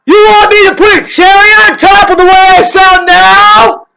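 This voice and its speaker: A speaker acting out a wrathful female creator goddess who screams and scolds, pitched far above their own voice. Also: level tone, normal speed, gravelly, very noisy.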